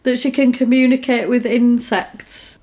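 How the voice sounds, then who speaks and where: A woman's voice: on the high side, measured pace. A young woman, casually retelling a film's plot as co-host and acting out the characters. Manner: lively storyteller, acts out characters, swears casually. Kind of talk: casual film recap chat.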